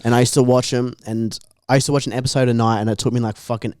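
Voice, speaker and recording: A man's voice: mid-range voice, little pitch movement, very fast, a little mellow, smooth, dry recording. A young Australian man co-hosts a podcast in loose, casual chat. He swears freely and banters with laughs, in a middling voice. The sound is close and dry. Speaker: podcast co-host.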